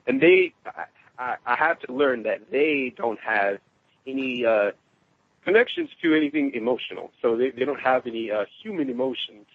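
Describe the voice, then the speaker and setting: A man telling a personal story in casual conversation, animated and laughing often. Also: normal speed, slightly rough. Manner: animated, quotes others in raised pitch, laughs often. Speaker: guest. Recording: tinny phone line.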